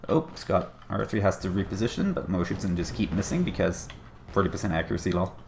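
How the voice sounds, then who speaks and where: Low gravelly male game caster. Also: big pitch swings, fast talker, darkish tone, slight background noise. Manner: chatty, wry, self-deprecating asides. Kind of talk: casual strategy game commentary.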